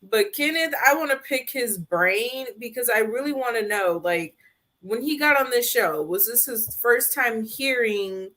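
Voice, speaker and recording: Woman co-host, fairly high, bright voice, animated and rambling, casual review chat. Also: a little slow. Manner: animated, laughing, rambling asides.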